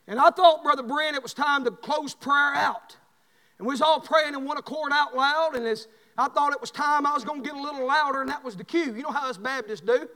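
A man's voice: very high-pitched, sharp tone. A man preaching a fervent Baptist revival sermon in a church. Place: church sanctuary. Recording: long church-hall reverb.

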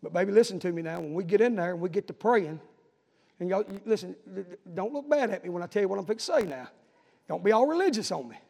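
A pastor preaching a sermon, telling stories and building to urgent appeals. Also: male voice, high voice, lively intonation, quick pace, creaky, a little mellow, big-room sound.

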